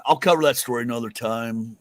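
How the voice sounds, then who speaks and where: A man's voice: mid-range voice, fast, no echo. A man hosting a podcast in casual, rambling chat, swearing freely. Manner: rambling, profane, loose. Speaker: podcast host.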